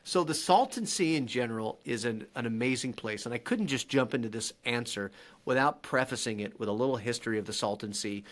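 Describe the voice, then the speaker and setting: A man talking as a podcast guest, telling stories in an animated, excitable way with quick restarts. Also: medium pitch. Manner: animated, excitable storyteller with laughs and frequent restarts. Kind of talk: casual interview storytelling.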